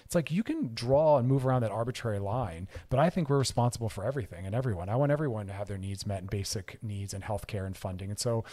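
A man's voice: on the low side, quick pace, few pauses, dark tone. A man hosting a radio talk show, speaking earnestly and animatedly as he gives advice in a monologue. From California, United States.

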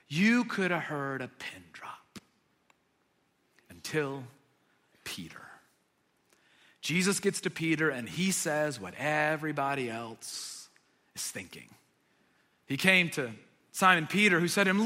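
Bright-voiced male preacher in a big hall. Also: high voice, sing-song, slow pace. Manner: dramatic storytelling, vivid emphasis. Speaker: pastor. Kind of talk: sermon.

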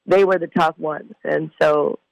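A woman from San Diego, a former softball player, answering interview questions in a measured, slightly hesitant way. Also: low-pitched, steady tone, gravelly, dry recording, rough recording. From San Diego, California. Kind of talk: casual conversational interview.

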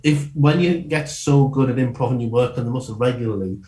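A man talking as a comedian guest in a casual interview, quick and rambling, often breaking off and restarting his sentences. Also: mid-range voice, darkish tone, reverberant.

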